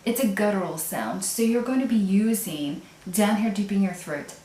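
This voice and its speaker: A woman's voice: medium pitch, expressive, normal speed, warm tone, echoey room. A woman teaching a language lesson patiently, step by step, often checking in with the learner. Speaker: French teacher.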